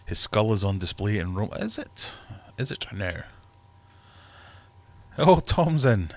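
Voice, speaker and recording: A British man in his thirties hosts a relaxed livestream from his home fish room. His voice sits very low, and he rambles good-naturedly, cracking jokes as he reads viewers' comments aloud. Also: slow pace, no room sound. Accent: British English. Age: 30s. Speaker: livestream host. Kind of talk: casual livestream chat.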